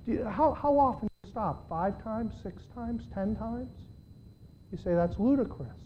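A man preaching a sermon to his church, swinging between loud, pleading passages and quiet asides. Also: high voice, moderate pace, a little hiss or hum. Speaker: pastor. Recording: dull lo-fi sermon recording.

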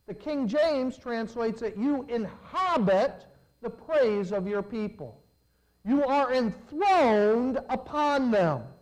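A man preaching a sermon, swinging between loud emphatic lines and low, hushed ones. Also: rough recording.

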